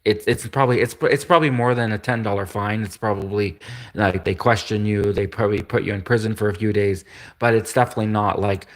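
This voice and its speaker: Rambling man, low-pitched. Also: fairly even intonation, quick pace. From Canada. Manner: chuckles often, stumbles and restarts. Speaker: livestream host. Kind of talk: rambling casual monologue.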